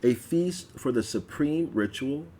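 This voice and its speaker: Slow, measured male reader. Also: medium pitch, lively intonation, dark tone, slight background noise. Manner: slow, measured reading with stumbles. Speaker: reader of a religious text. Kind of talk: reading aloud a ritual text.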